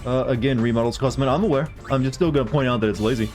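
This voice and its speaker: A man's voice: mid-range voice, racing, a little mellow. A young man rattles off casual commentary over his game stream, rambling and cracking jokes at the cutscenes. His voice sits mid-range, and faint game music plays beneath.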